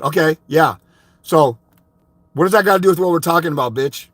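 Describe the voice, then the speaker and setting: A man's voice: a little high, fast talker, a bit bright, dry recording. A man ranting on a livestream, heated and profane, scolding his critics. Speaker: fathers' rights advocate streaming live. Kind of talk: angry livestream rant.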